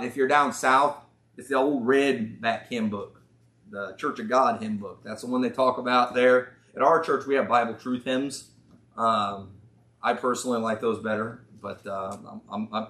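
In an echoey church hall, a Southern-accented pastor delivers a conference sermon with folksy sarcasm, stretching out the words whenever he quotes someone. His voice is mid-range with a fairly bright tone.

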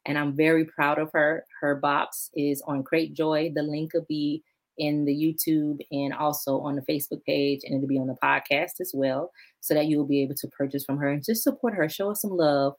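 A woman with a low, deep speaking voice hosts a live-streamed interview. She is warm and encouraging, reads out comments from viewers, and laughs often, her pitch leaping up when she gets excited. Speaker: host.

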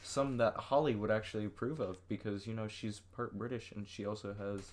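A young man co-hosting a casual podcast from a bedroom, a little hoarse from losing his voice, chatty and rambling. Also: lowish voice, fairly even intonation, brisk, darkish tone. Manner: chatty, rambling, laughs easily. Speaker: podcast co-host. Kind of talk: casual chat. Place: small bedroom full of clothes.

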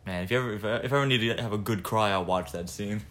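A man chatting casually, retelling a film scene in a rambling, animated way with many fillers. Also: on the low side, racing, a little hiss or hum. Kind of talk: casual chat.

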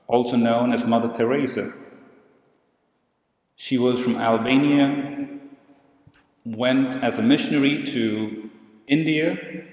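A man's voice: medium pitch, a little mellow, echoey room, big-room sound, low-quality recording. A man preaching a sermon as a priest, telling stories and posing questions to the congregation in a church.

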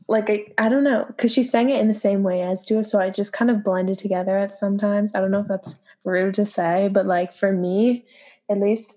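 A woman's voice: mid-range voice, a little mellow. A young woman co-hosting a casual music podcast, talking loosely with lots of "like" fillers. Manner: filler-heavy, says "like" a lot. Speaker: podcast co-host. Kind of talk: casual chat.

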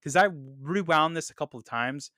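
A man talks through his favorite movie moments in a bright, crisp voice, eager and chatty, his words tumbling out with repeats and fillers. He often lets the ends of his sentences drop soft and low. The sound is dry and close, with no room around it. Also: animated, fairly quick, no echo. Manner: enthusiastic, lots of fillers and repeats, trails off quietly. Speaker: podcast host reviewing films. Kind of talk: casual solo podcast commentary.

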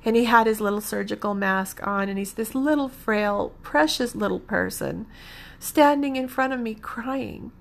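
A woman's voice: on the high side, moderate pace, creaky. A woman telling a personal story in a rambling, heartfelt way, often correcting herself as she goes.

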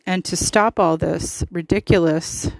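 A woman's voice: on the low side, fairly even intonation, unhurried, gravelly, no room sound, rough recording. A woman hosting a podcast, giving impassioned, opinionated political commentary with emphatic repetition. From United States. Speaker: podcast host.

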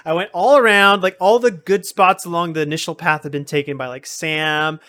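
A man's voice: a little high, steady tone, bright, forceful tone. A young adult man co-hosting a podcast in casual gaming chat, laughing often and hedging with unsure remarks. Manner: giggly, self-doubting, quick to laugh. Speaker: podcast co-host.

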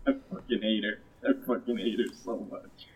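Low-voiced man, blunt tabletop player. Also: steady tone, moderate pace, slightly rough, rough recording. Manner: blunt, swearing. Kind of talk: casual tabletop play.

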